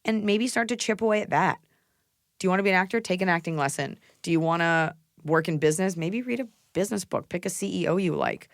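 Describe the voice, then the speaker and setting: A woman's voice: fairly low pitch, lively intonation, quick pace, no room sound, clean studio sound. A woman in her thirties hosting a podcast, giving blunt, casual advice and swearing freely. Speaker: podcast host.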